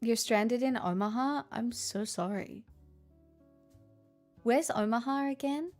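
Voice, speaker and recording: A woman's voice: a little high, slow pace, darkish tone, faint music behind. An Australian woman hosting a casual live stream, chatting with viewers in a sarcastic, self-deprecating way. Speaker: livestream host.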